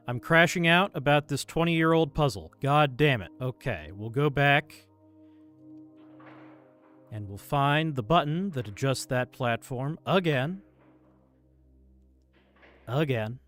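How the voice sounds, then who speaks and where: A man streaming a game, muttering calming mantras to himself between bursts of frustrated swearing. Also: mid-range voice, slow, pauses often. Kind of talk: live game commentary. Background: faint game music.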